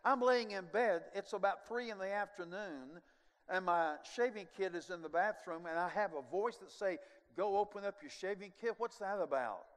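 An older male preacher tells his story from the pulpit, his voice sitting a little high. He drops to a near hush, then surges loud with chuckling asides. His words ring out with the long reverb of a big sanctuary. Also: expressive, normal speed. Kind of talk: sermon testimony storytelling. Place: large church sanctuary.

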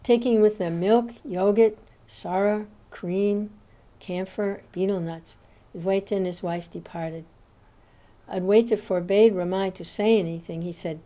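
A woman reading a devotional scripture aloud in a measured, reverent narration. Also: medium pitch, steady tone, warm tone. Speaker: reader.

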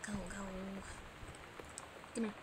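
A woman giving chatty, jumpy commentary while she plays a game, swinging from sleepy murmurs to sudden loud yelps. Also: mid-range voice, fairly even intonation, slow pace. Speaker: let's player. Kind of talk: gaming commentary. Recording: gameplay with clear background noise.

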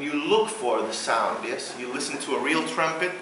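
A man with a Venezuelan Spanish accent, a native Spanish speaker, leading a vocal workshop, explaining in halting English full of fillers and breaking into sung syllables. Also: medium pitch, animated, pushed and bright, faint music behind. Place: large hall. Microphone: far room microphone. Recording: distant, very echoey hall with background noise.

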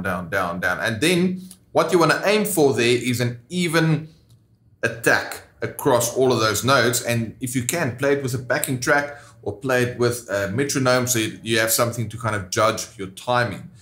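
A man teaching guitar in a roomy, echoing space, his voice sitting at an ordinary middle pitch. He explains each step plainly and counts the beats out loud as he goes. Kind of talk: instructional lesson.

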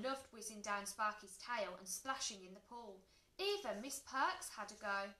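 A woman from a primary school reading a children's storybook aloud in an expressive way. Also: medium pitch, unhurried. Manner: expressive, lively character voices. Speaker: primary school staff reader. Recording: roomy echo.

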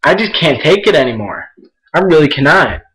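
A man's voice: on the high side, animated, a little fast, fairly bright tone, poor audio. A young man ranting angrily into his camera, profane and repetitive. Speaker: vlogger. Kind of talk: angry rant to camera.

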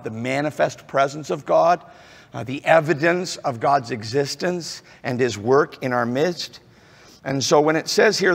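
A man preaching a sermon as pastor, halting with many fillers, sometimes dropping to a near-murmur before rising again. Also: medium pitch, gravelly. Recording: long reverb of a large hall.

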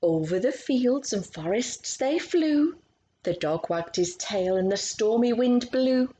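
Woman reader for children's storytime, slow and expressive, questions to little listeners. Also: a little high, slight background noise, low-quality recording. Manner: expressive, asks listeners questions about the pictures. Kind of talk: reading a picture book aloud to children.

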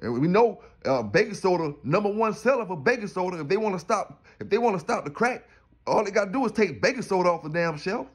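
A man's voice: sits high, animated, fast talker, husky. A man from South Carolina, rambling and preaching in streetwise slang in a casual vlog. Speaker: dog kennel owner.

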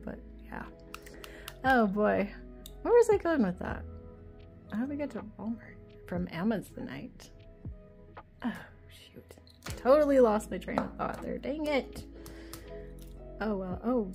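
A chatty woman talks casually as she flips through a deck of cards, laughing easily and drifting off into side stories. Her voice sits at a middle pitch, and faint music plays under her talk. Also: expressive, measured pace, long pauses, darkish tone. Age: adult with a child. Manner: chatty, giggly, self-deprecating, easily sidetracked. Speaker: oracle deck reviewer. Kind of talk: casual chat while flipping through cards.

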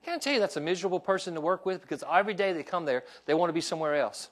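Pastor, male, high-pitched, lively pulpit delivery, asks congregation for responses. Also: racing. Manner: animated preaching with call-and-response asides. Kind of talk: sermon. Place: church sanctuary.

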